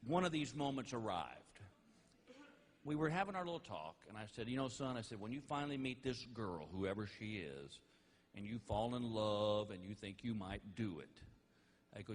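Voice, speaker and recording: A middle-aged man telling stand-up stories about his family in a folksy, animated way, laughing at his own jokes. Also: on the low side. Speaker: stand-up comedian. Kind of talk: stand-up storytelling. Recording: live comedy album with faint noise.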